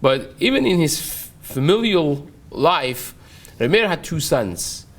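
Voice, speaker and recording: Rabbi, animated storyteller, fairly high voice, online class. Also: male voice, unhurried. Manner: animated storyteller, acts out dialogue, frequent restarts. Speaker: rabbi teaching daily Talmud class. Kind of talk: Talmud lesson with storytelling.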